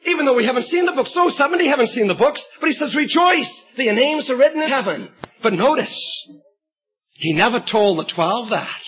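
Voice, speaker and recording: A man preaching a sermon, telling an illustrative story and reading scripture with emphatic storytelling and bursts of shouted emphasis, on a dull lo-fi recording. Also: extremely high pitch, expressive, fairly quick, breathy edge.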